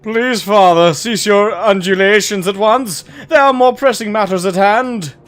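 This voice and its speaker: A man voicing a pompous, theatrical gentleman adventurer who speaks in grandiose, archaic phrases. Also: high voice, unhurried, soft background music, voice pushed up.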